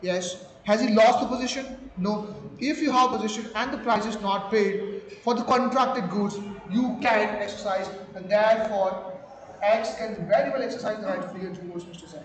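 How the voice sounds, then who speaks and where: Indian man, law teacher, high voice, questioning style, Hindi phrases mixed in, echoey lecture hall. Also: normal speed, slight background noise. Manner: mixes Hindi phrases, keeps quizzing the class. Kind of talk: classroom lecture. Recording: echoey hall with a class around him.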